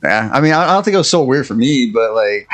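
A man's voice: mid-range voice, fast, faint music behind. A man co-hosting a podcast in casual chat, swearing a lot and laughing as he tells stories from his childhood. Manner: animated, swears, laughs often. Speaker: podcast co-host.

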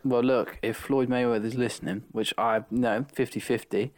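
A man's voice: medium pitch, fairly even intonation, moderate pace, no room sound. A man co-hosting a crude comedy podcast, laid-back and dry in the banter. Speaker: podcast co-host.

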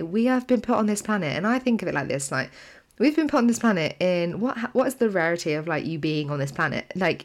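A woman co-hosting a podcast in casual chat, talking freely and laughing often. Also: low-pitched. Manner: chatty, laughs often, uses "like" a lot. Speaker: podcast co-host.

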